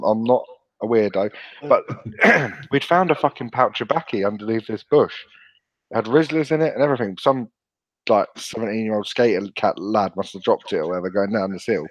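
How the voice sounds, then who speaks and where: A man's voice: mid-range voice, no echo, rough recording. Sweary British man telling stories. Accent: British English. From England. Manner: sweary, storytelling. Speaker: podcast co-host. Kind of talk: casual banter.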